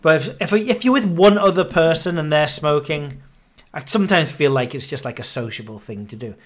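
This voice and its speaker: A man's voice: a little high, animated, a little fast. A man in his thirties hosting a podcast, out of breath, rambling and grumbling with self-mocking humor. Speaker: podcast host. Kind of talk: casual monologue.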